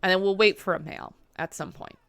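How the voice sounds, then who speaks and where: A woman's voice: on the low side, quick pace, gravelly, a bit bright. A woman streaming a zoo-building game, chatting casually to herself and her animals with lots of fillers. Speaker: gameplay streamer. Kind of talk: casual gaming commentary.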